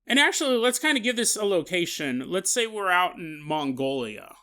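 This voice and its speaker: A man hosting a podcast, telling a story in a joking, animated way with laughing asides. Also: high-pitched, moderate pace, smooth. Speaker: podcast host. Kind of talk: comedic storytelling.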